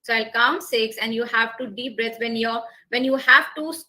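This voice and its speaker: A woman's voice: fairly high pitch, moderate pace, pushed and bright, poor audio. Indian woman leading a public speaking webinar. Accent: Indian English. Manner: instructive, repetitive, leads breathing exercises. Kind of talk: online workshop talk.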